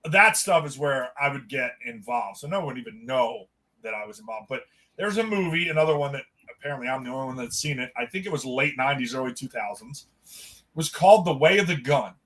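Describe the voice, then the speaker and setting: A man co-hosting a podcast, telling a story in a lively, casual way, acting out the lines he quotes and swearing freely. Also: medium pitch, quick pace. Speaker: podcast co-host. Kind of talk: casual chat.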